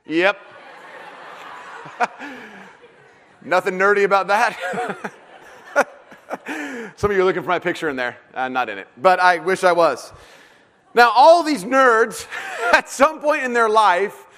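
A man's voice: high-pitched, animated, measured pace, pauses often, a bit bright. A man preaching a sermon as a pastor, casual and joking, with many fillers and restarts, in a church hall.

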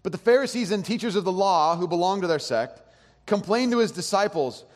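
A man preaching a sermon as pastor, animated, swinging between hushed and loud. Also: high-pitched, a little fast. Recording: long hall reverb.

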